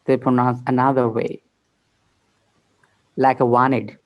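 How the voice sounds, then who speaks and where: A man's voice: mid-range voice, level tone, slow pace, highs cut off. A man asking a question in an online class, searching for his words as he goes. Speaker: student.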